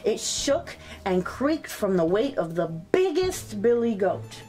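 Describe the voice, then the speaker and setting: A woman reading a children's story aloud in an expressive, sing-song storyteller's way, greeting her young listeners. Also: medium pitch, slow, few pauses, music in the background.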